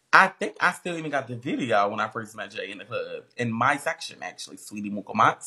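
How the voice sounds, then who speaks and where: A woman's voice: a bass voice, expressive, a little fast, few pauses, pushed and bright. A woman livestreamer ranting at her viewers in a brash, profane and confrontational way, mocking the comments.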